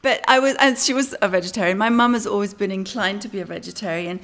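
A woman's voice: mid-range voice, fast talker, fairly bright tone. A young adult woman, from Iran, chatting as a guest on a talk show, laughing easily and joking about herself. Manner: laughs easily, self-deprecating. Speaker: guest actress. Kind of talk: casual interview chat.

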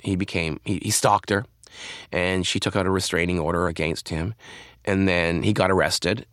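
A man speaking as an interview guest, telling a personal story candidly in a halting way with frequent restarts. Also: sits low, fairly even intonation, fairly bright tone, no room sound, studio quality.

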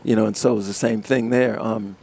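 A man, a musician guest in a live radio interview, telling animated stories and laughing often. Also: lowish voice, brisk, gravelly, husky. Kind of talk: casual storytelling interview. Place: outdoors in front of a music studio complex.

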